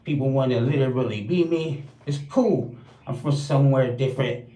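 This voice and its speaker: A man's voice: medium pitch, moderate pace, mellow. A man hosting his own livestream, rapping a crude, boastful freestyle roast in a rhythmic, rhyming flow. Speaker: livestream host. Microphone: streaming setup. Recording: roomy echo.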